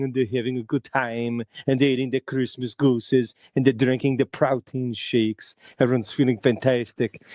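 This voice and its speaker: A man's voice: medium pitch, darkish tone, dry recording. A man co-hosting a podcast, telling a jokey story in a playful, casual way. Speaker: podcast co-host. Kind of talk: casual chat.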